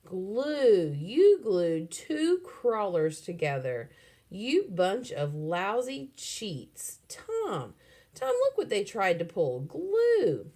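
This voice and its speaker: A woman reading aloud and voicing a feisty boy, loud and indignant. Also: mid-range voice, sing-song, a little slow, breathy edge, voice pushed up, heavily acted. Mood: outraged. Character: feisty boy in a worm-eating bet.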